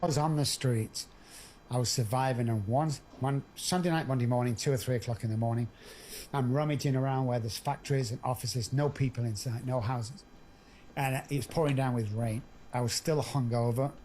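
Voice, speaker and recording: A man's voice: mid-range voice, steady tone, fairly quick, a little mellow, a little hiss or hum. A middle-aged man, a podcast guest, telling his own story candidly and earthily, acting out the dialogue.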